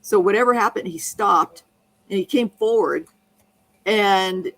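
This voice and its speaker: A woman's voice: mid-range voice, unhurried, poor audio. A woman in casual conversation, telling a rambling anecdote that keeps restarting and circling back.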